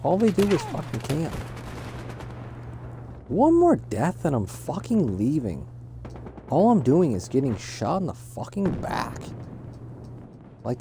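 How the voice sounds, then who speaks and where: A man's voice: a little high, vocal fry, mellow, slight background noise. A man giving live commentary on a shooter game he is playing, frustrated and swearing in exasperated outbursts. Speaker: gaming channel host. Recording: game gunfire behind voice. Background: gunfire and explosions from the game.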